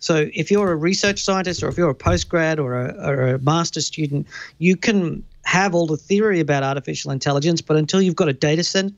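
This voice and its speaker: A man's voice: on the high side, brisk, dry recording. Blunt British-raised man on a dull line. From United Kingdom. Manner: blunt, explanatory. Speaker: guest panelist. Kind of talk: tech panel discussion.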